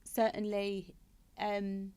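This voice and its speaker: A woman's voice: mid-range voice, monotone, extremely slow, mellow, clean tone. A woman, a podcast guest talking candidly and with emphasis, often repeating words for stress. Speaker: podcast guest, former head of patient experience. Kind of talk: casual conversational interview.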